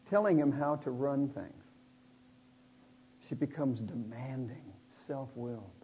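Animated man preaching in a reverberant hall. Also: medium pitch, a little hiss or hum. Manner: animated, acts out the people in the text. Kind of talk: sermon. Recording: dull lo-fi sound in a reverberant hall.

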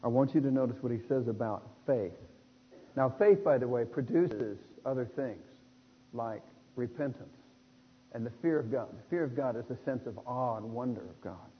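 A man preaching a sermon in an animated way, acting out the people in the text. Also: mid-range voice, normal speed, breathy edge. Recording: dull lo-fi sound in a reverberant hall.

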